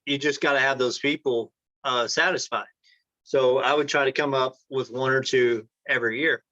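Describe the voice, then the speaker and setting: A man's voice: medium pitch, pushed and bright, no room sound. A man, an entrepreneur guest in an interview, telling long rambling anecdotes and acting out the dialogue he quotes. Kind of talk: casual storytelling interview. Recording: dry, dull lo-fi sound.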